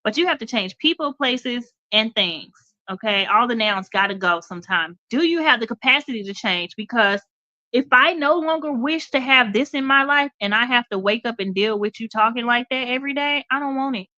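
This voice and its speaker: Direct talk show lady, bright and forceful, keeps asking okay?, dry dull audio. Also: fairly high pitch, animated, normal speed, dry recording. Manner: direct, emphatic, checks in with "okay?". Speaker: radio talk show host. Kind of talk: motivational talk.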